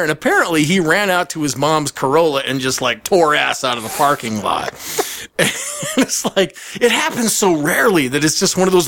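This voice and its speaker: Animated, profane man telling a story. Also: fairly high pitch, brisk. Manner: animated, profane, acts out quotes with laughs. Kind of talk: casual storytelling chat.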